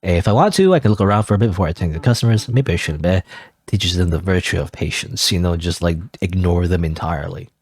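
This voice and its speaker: A man's voice: low-pitched, fast, a little mellow. A man giving casual, rambling, self-deprecating commentary while playing a video game. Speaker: let's play gamer.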